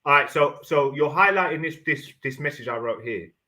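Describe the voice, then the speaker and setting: A man's voice: a little high, animated, moderate pace, sharp tone. A man calling into a live stream to debate the host, insistent and repeating his points. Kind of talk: heated debate.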